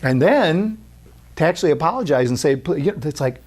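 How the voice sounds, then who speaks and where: An earnest man giving a spiritual sermon, his voice sitting high for a man. He talks freely and repeats himself, stumbling through restarts as he works his way toward a point, and he acts out inner thoughts in quoted asides. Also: lively intonation, a little fast, darkish tone. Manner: earnest, repetitive, with many restarts and acted-out quotes.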